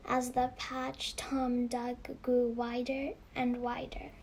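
A woman reading a children's novel aloud, slowly and carefully, with restarts and whispered passages. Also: on the high side, monotone, a little hiss or hum. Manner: slow, careful reading with many restarts, dropping to a whisper for hushed moments. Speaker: reader.

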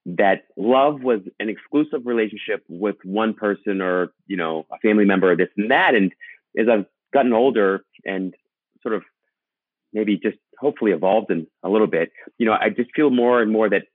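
Husky-voiced man on a phone line. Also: fairly low pitch, normal speed, no echo. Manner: reflective and affirming. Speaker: podcast host. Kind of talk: casual interview chat. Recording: tinny phone line, dry.

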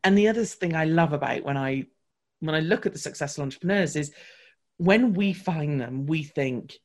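Animated woman telling her story. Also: sits low. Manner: animated, fast-flowing storytelling with frequent restarts. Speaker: podcast guest, marketing coach. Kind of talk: storytelling in a conversational interview.

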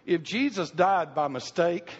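A man's voice: high-pitched, expressive, a little slow, husky. A middle-aged man preaching a sermon, folksy and emphatic, repeating his key phrases. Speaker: pastor. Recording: reverberant church hall, dull lo-fi sound.

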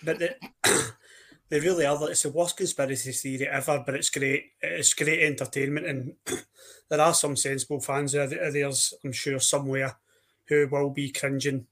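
A man with a Scottish accent co-hosting a football podcast, telling stories in a dry manner and now and then clearing his throat. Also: mid-range voice, moderate pace. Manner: dry, even-toned storytelling with throat clearing. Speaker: podcast co-host. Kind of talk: casual football podcast chat.

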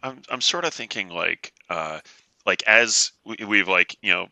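A man's voice: low voice, a little slow, creaky, bright, forceful tone, no echo. A man playing in a tabletop game who rambles casually, packing his talk with "like" and "you know.". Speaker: player. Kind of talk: casual tabletop play chat.

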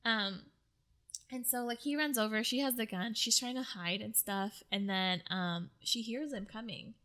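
Woman, chatty recap storyteller; rambling, swears, bright timbre. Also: on the high side, measured pace. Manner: rambling, filler-heavy retelling with swearing. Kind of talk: casual chat.

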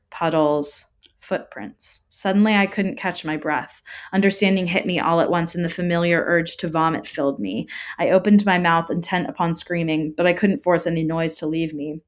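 A woman reads a first-person horror story aloud with a tense, dramatic delivery. Her voice sits slightly low for a woman, and she leans hard into the frightening moments.

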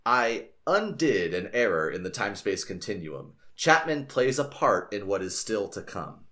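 Ancient godlike alien, lofty and cryptic; a man reads it in a lowish voice. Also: big pitch swings, moderate pace, fairly bright tone. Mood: solemn.

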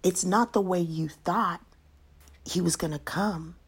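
Soft, breathy woman giving a devotional. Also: on the low side, measured pace. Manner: soft, often half-whispered delivery. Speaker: devotional speaker. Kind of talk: Bible devotional teaching.

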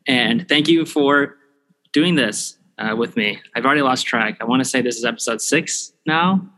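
A man with a medium-pitched voice hosts a podcast, speaking at normal speed with a bright, forceful tone while chatting casually and thinking aloud through ums and restarts. He sounds easygoing. The roughly recorded audio comes from headphones and a podcast mic.

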